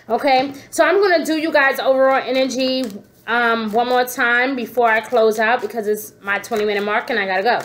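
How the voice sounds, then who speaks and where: Woman, high voice, tarot reader, casual and sassy, talks straight to camera. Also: brisk. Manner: expressive, sassy, talks straight to viewers with endearments.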